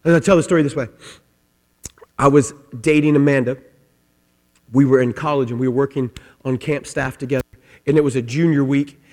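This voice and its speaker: A middle-aged man preaching a sermon, telling a comic story with shouted quotes, then dropping soft and low for the message. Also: steady tone, fairly quick, pauses often. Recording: long hall reverb.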